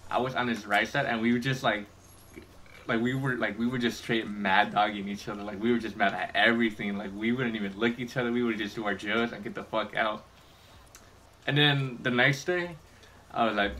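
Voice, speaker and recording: Young male gamer, bright tense tone, loose rambling storyteller who curses a lot. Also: lowish voice, slight background noise, rough recording. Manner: rambling, swears freely, many restarts. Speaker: gaming vlogger. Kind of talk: casual storytelling while gaming.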